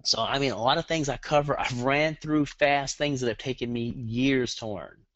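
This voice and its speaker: A middle-aged man with a Southern US accent giving a webinar lesson, talking fast and rambling with jokes. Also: mid-range voice, a bit bright, dry recording. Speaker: guest webinar trainer. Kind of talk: online marketing webinar. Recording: dull lo-fi dry webinar audio.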